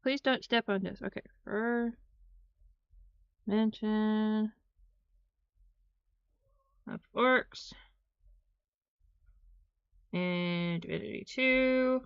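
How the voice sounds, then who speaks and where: A woman's voice: mid-range voice, drawn-out words, pauses often, clean tone, no room sound, lo-fi sound. A woman streaming a video game, chatting casually with her chat and her pet as she plays. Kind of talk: casual gameplay stream commentary.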